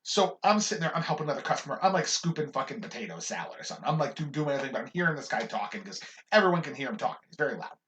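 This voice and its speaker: A man co-hosting a podcast, telling a workplace story in an animated, casual way with plenty of swearing. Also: medium pitch, racing, hardly any pauses, a little hiss or hum. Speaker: podcast co-host.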